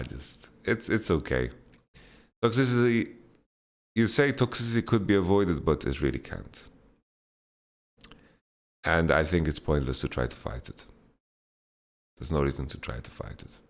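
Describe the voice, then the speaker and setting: A man with a very deep voice and vocal fry hosts a casual Q&A podcast. He answers viewer questions bluntly and laughs them off in relaxed chat.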